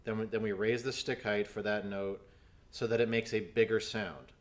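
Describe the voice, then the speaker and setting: Patient male drum teacher, low voice. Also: little pitch movement, normal speed. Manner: patient, counts aloud while demonstrating. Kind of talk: instructional video lesson.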